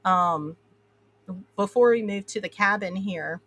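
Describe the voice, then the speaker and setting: A woman's voice: mid-range voice, unhurried, a bit bright. A woman from the Appalachian Mountains with an Appalachian twang, talking in a rambling way full of fillers. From Appalachian Mountains, USA. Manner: rambling, filler-heavy, laughs often. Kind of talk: casual chat.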